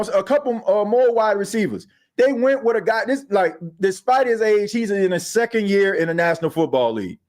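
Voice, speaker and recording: A man hosting a sports podcast, talking in an animated, slangy way and reacting to viewer comments. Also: high voice. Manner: animated, slangy, reads chat comments aloud. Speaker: podcast host.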